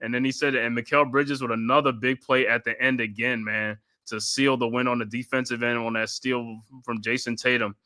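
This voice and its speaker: A man from New York hosting a live stream of excited postgame fan commentary, trash-talking and constantly repeating his catchphrases. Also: medium pitch, fairly quick, hardly any pauses. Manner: laughs often, trash-talking rival fans. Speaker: sports live-stream host.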